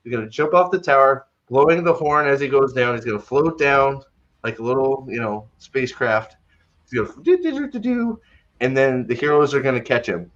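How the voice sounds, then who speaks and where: A man's voice: medium pitch, brisk, fairly bright tone, dull audio. A man hosting a podcast in a casual, sarcastic rant, stumbling over his words as he mock-retells scenes. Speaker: podcast host.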